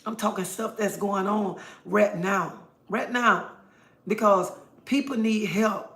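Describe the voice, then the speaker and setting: Gravelly middle-aged woman preaching on a livestream. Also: mid-range voice, slow, a bit bright. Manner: earnest, preachy, repeats her points for emphasis. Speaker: livestream host. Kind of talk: casual livestream monologue. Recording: roomy echo.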